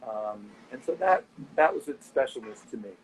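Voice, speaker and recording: A man's voice: medium pitch, normal speed, slightly rough, low-quality recording. Man telling nightlife stories. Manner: animated anecdotes, quoting people. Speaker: nightlife owner and guest. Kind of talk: casual interview storytelling.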